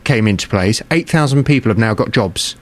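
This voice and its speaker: A man's voice: lowish voice, lively intonation, a little fast. A man presenting radio, dry and self-deprecating in banter, then trailing his phone-in. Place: radio studio.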